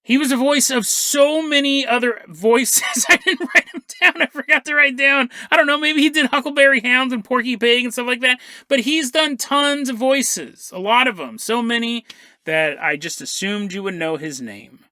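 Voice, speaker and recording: A man's voice: very high-pitched, moderate pace, pushed and bright, dry recording, studio quality. A man hosting a podcast, telling a story in a jokey, rambling way and laughing often as he goes. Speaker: podcast host. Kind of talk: comedic storytelling monologue.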